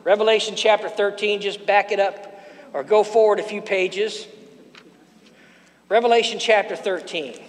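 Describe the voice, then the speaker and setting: A man's voice: high voice, fairly even intonation, normal speed, pauses often. A man preaching a sermon in a church, calling out to the congregation and asking them to answer back. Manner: preaching with call-and-response to the congregation. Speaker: pastor. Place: church sanctuary. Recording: long hall reverb.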